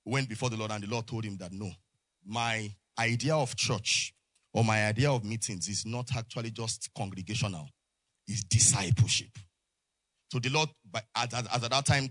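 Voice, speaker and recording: A man's voice: fairly low pitch, pushed and bright, dry recording. A man preaching a sermon to his congregation, prompting them with call-and-response and frequent amens. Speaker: pastor. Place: church.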